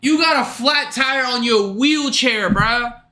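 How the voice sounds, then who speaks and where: Young guy ranting on stream, swears a lot, high bright voice. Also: slow pace. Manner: profane, ranting, slangy. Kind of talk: livestream rant.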